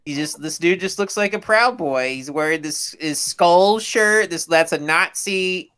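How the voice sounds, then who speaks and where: A man co-hosting a comedy podcast, tossing out deadpan provocative jokes. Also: a little high, a little slow, clean tone. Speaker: podcast co-host. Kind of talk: casual chat.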